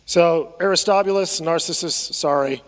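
A man's voice: on the high side, moderate pace, big-room sound. A man preaching a sermon as pastor, conversational, often repeating phrases and asking the congregation to respond. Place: church sanctuary.

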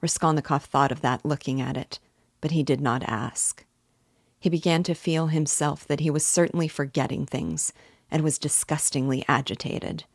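A woman teacher reading a novel aloud in a measured, even narration. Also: low voice, creaky, breathy edge, no echo, clean studio sound. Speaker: literature teacher.

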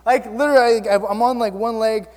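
A male pastor preaching a sermon, telling stories in an animated, self-mocking way. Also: extremely high pitch, fairly quick, big-room sound.

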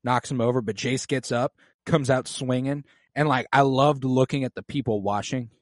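Excited man with a dry, close sound. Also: mid-range voice, normal speed, no room sound. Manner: excited, profane, animated retelling. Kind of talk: casual show recap chat.

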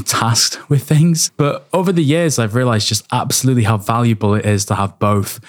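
Man in his twenties, podcast host, low voice, candid, conversational. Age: 20s. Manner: candid and conversational, asks direct questions. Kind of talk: casual interview chat.

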